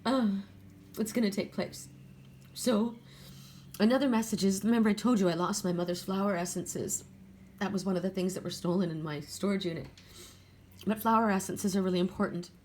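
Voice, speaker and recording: A woman's voice: mid-range voice, fairly even intonation, brisk, long pauses, a little mellow, slight background noise. An older woman giving a casual spoken oracle card reading, earnest and spiritual, talking straight to viewers with frequent restarts and self-corrections.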